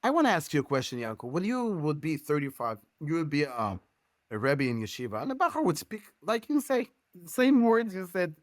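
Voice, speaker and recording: Hebrew-native rabbi guy, earnest, halting english, kinda high voice, dry close sound. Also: very animated, no room sound. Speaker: guest rabbi and educator. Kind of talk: podcast discussion.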